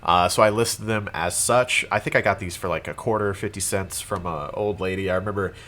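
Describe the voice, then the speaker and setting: A man's voice: sits low, fairly even intonation, a little fast, fairly bright tone. A congested young man with a cold, rambling casually through a show-and-tell about things he resold, with plenty of fillers and restarts. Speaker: reseller vlogger.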